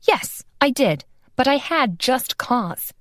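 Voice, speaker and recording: A woman narrator voicing a fiery, hot-tempered female vampire who snaps and shouts at her accusers. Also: high voice, very animated, takes it slowly, no echo, studio quality, voice pushed up, heavily acted. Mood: defiant. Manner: shouting, combative.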